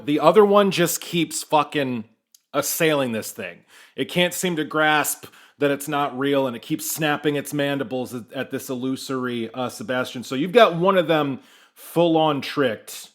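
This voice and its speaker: A man's voice: a little high, a bit bright. A man narrating as game master in a tabletop game, loose and conversational with frequent fillers.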